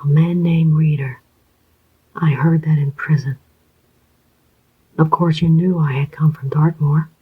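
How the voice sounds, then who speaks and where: Whispered role-play, reader doing a cool steady ex-convict, clipped, airy whisper, dull lo-fi sound. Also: mid-range voice, unhurried, pauses often, husky. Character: cold, steady male ex-convict. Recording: dull lo-fi recording.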